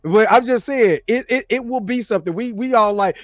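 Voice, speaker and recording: A man's voice: high-pitched, brisk, no echo, studio quality. A man hosting a casual podcast, joking and giggling as he banters about film news. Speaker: podcast host.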